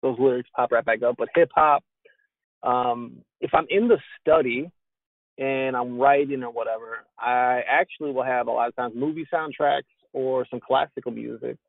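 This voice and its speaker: Gravelly man on a tinny line. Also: mid-range voice, steady tone, moderate pace, no room sound. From Hispanic roots in the US. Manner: earnest, preachy, candid. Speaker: podcast guest, men's ministry founder. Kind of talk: casual podcast conversation.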